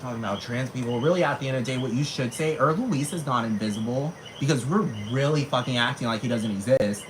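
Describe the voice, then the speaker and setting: A man's voice: medium pitch, fast, noisy background. A man ranting casually to camera, slangy and profane, with sudden dramatic jumps in his voice. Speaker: vlogger.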